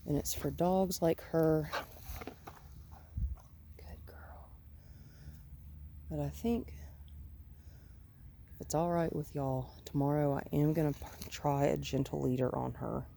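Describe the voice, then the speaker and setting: A woman with a low voice coaches a dog on a walk, explaining her technique as she goes. She talks in a calm, coaxing way, dropping in quick praise between points. Steady outdoor noise sits behind her voice. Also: creaky. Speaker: dog trainer. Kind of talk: instructional walk-along narration. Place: outdoors on a residential road.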